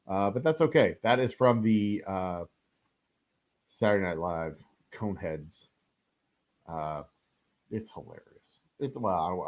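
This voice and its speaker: A man's voice: on the low side, darkish tone. A man hosting a live stream of a strategy game, chatting casually, rambling through jokey asides and the odd swear. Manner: rambling, joking asides, frequent fillers. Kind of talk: casual live gameplay commentary. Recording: dull lo-fi sound.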